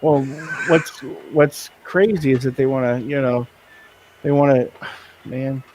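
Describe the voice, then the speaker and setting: A man's voice: mid-range voice, fairly even intonation, takes it slowly, a little mellow, slight background noise, rough recording. Rambling, chuckling man chatting casually. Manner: rambling, laughs often, many restarts. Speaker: streamer host. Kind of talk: casual chat while working. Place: indoors at a work desk.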